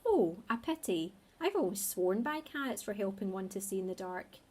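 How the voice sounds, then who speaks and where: A woman's voice: medium pitch, expressive, normal speed, a little mellow, lightly acted. A woman voicing a prim, fussy old lady who speaks in a posh, scolding way.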